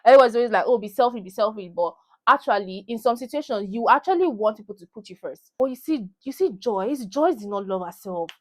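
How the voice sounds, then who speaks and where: A woman's voice: fairly high pitch, expressive, fast, hardly any pauses. A young woman with a Nigerian accent, ranting heatedly about a movie to her phone camera and repeating lines for emphasis. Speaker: vlogger. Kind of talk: animated movie rant.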